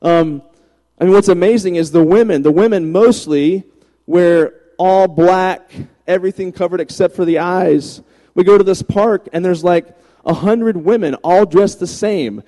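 A man in his forties from Virginia, a pastor telling funny stories in a chatty, animated sermon. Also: sits high, measured pace. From Virginia, USA. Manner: chatty, joking, animated anecdotes. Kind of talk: humorous sermon storytelling. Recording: long reverb of a large hall.

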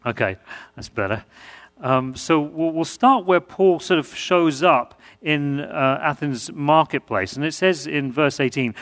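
A man's voice: fairly high pitch, a little slow, fairly bright tone, in a large hall. A man with a British accent, serving as guest preacher, gives an earnest sermon with frequent restarts and repeated words.

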